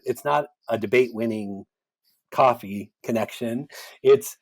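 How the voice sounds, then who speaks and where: Animated man, thoughtful podcast guest. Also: medium pitch, a little slow, vocal fry. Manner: thoughtful, animated, acts out quoted voices. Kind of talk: conversational interview.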